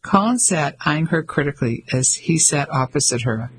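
A man giving measured scripted narration of an audiobook. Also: fairly high pitch, animated, a little hiss or hum, poor audio. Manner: measured storytelling.

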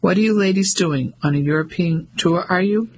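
A woman's voice: lowish voice, normal speed, a little hiss or hum, close to an everyday voice, low-quality recording. A man voicing a gossipy middle-aged landlady with a Cockney accent, homely and confiding. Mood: chatty.

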